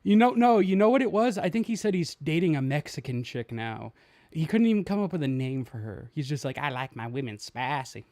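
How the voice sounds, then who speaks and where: Male host, slightly high voice, dry close sound, gossipy casual chat with lots of "uh". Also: expressive, brisk, darkish tone, no room sound. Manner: amused, gossipy, filler-heavy. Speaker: stream host.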